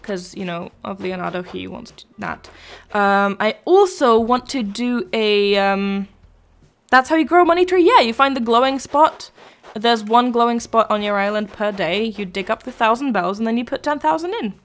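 A woman's voice: a little high, expressive, moderate pace. A young woman chatting casually while live-streaming a video game, rambling between thoughts and answering her chat.

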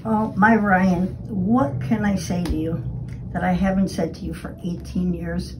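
A woman in the family giving a tearful, halting recorded message. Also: fairly low pitch, steady tone, distant mic, noisy background. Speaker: family member.

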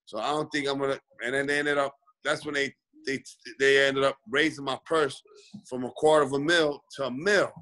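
A man's voice: medium pitch, level tone, normal speed, a bit bright, rough recording. A man being interviewed as a boxing guest over a video call, telling a long story with lots of fillers. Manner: rambling, many "you know" fillers. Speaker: guest boxer.

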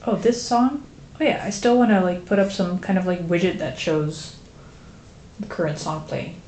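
A woman's voice: lowish voice, animated, moderate pace, darkish tone. A woman with a Dutch accent chatting casually with viewers on a live stream, rambling with lots of fillers. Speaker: streamer drawing a graphic novel. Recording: roomy echo with faint noise.

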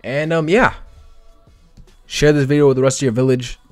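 A man's voice: mid-range voice, fairly even intonation, moderate pace, no room sound, faint music behind. A man giving a casual, slangy and profane spoken analysis of an anime, talking loosely with many fillers. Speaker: anime commentary vlogger.

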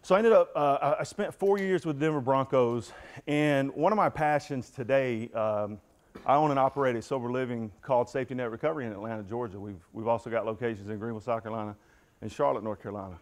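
A man's voice: medium pitch, fast. A middle-aged man giving a candid personal recovery talk to a football team, telling his story and addressing the room directly. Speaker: motivational speaker.

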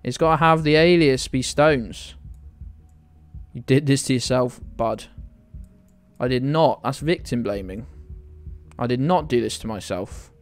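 A man's voice: mid-range voice, measured pace, pauses often. A young British man streaming a game live, teasing his chat with playful indignation and mock outrage. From United Kingdom.

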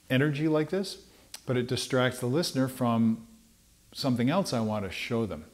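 A man with a mid-range voice gives a trumpet lesson in an unhurried, conversational tone. He explains musical ideas informally, often pausing with fillers and restarting his sentences. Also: medium pitch, faint music behind. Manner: sings rhythms on syllables to demonstrate. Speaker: trumpet teacher. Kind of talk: relaxed instructional talk.

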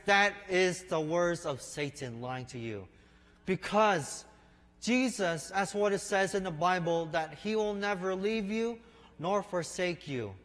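Slow, higher-voiced man preaching in a hall. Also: fairly bright tone. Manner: unhurried storytelling preaching, addresses listeners as "my friends". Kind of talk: sermon. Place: church sanctuary. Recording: long reverb of a large hall.

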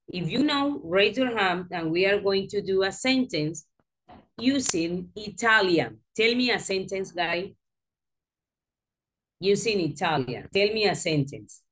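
A woman's voice: medium pitch, expressive, measured pace, fairly bright tone. A woman with a Spanish accent, English as a second language, teaching an English class in a classroom and patiently repeating and correcting her pupils.

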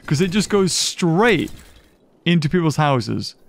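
A man hosting a game playthrough, excitable and chatty, cheering on his game characters and laughing as he plays. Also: fairly high pitch, takes it slowly, gravelly. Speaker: gaming channel host. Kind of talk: let's play commentary.

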